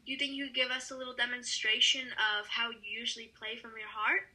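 A woman's voice: on the high side, steady tone, fast, sharp tone, rough recording. A woman hosting a comedy sketch interview, asking chirpy, eager questions. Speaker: podcast host.

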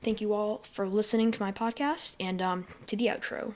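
A woman's voice: mid-range voice, steady tone, a little fast, few pauses, darkish tone, slight background noise. Rambling woman hosting a casual podcast. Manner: rambling, full of fillers and self-corrections. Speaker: podcast host. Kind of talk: casual solo podcast chat. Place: bedroom. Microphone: desk mic.

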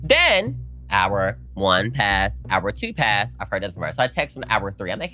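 A young man co-hosting a podcast, telling a story in an animated, dramatic way and jumping up in pitch when he quotes people. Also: normal speed. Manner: animated, dramatic retelling with big pitch jumps when quoting. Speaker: podcast co-host. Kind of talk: casual storytelling chat.

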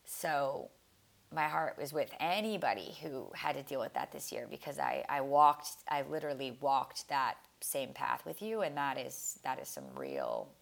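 A woman's voice: very deep voice, sing-song, moderate pace, vocal fry. A young woman hosting a solo podcast, talking in a casual, heartfelt, rambling way with frequent restarts and fillers. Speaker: podcast host. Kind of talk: reflective solo podcast monologue.

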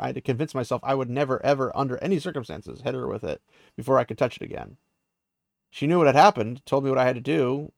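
A young woman held captive, grim and resigned, laying out what she can and cannot do, as a man retells her lines. The voice is gravelly and dry, with no room sound. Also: mid-range voice, no echo, natural voice. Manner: loose paraphrase, near his own voice.

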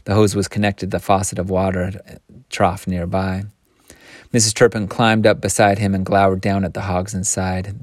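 A man reading a short story aloud in a steady way, with small slips and restarts. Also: low-pitched, no echo, clean studio sound.

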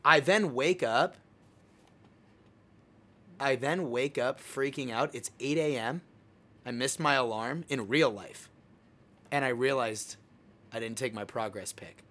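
A bright-voiced young man hosts a relaxed chat. He tells his story with animated energy and acts out his own lines as he goes. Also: medium pitch, takes it slowly, pauses often. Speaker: podcast host. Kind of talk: casual chat.

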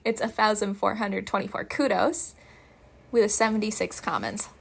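A woman's voice: mid-range voice, fairly even intonation, moderate pace, creaky. A woman casually reading a fan story aloud, chatty, emphatic and swearing freely. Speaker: fanfiction reader.

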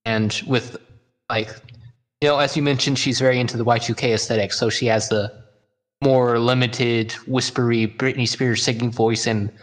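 A man's voice: medium pitch, fairly even intonation, normal speed. A man co-hosting a podcast, chatting casually about songs with many fillers and jokes. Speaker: podcast co-host. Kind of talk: casual music chat.

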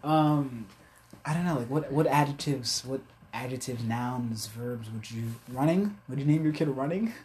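A woman's voice: very deep voice, normal speed, a little mellow, a little hiss or hum. A woman hosting a podcast in casual chat, joking and cursing. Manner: joking, acts out voices, curses. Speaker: podcast host.

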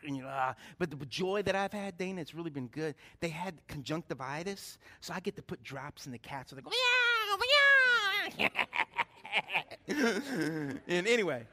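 Middle-aged male pastor, high, bright voice, animated storyteller from the pulpit. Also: fairly quick, few pauses, slight background noise. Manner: animated storytelling, questions to the congregation. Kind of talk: sermon.

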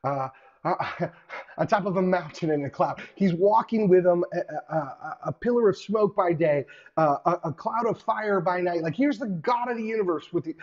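A man delivering an online sermon in an animated, casual way, with colloquial asides and hushed emphasis. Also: high-pitched, normal speed. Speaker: preacher. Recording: dull lo-fi recording.

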